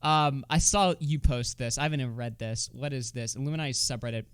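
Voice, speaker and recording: A man's voice: medium pitch, a little fast, clear, resonant tone, no room sound, studio quality. A man doing casual livestream commentary, swearing freely and sarcastic, reading comments aloud. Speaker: streamer.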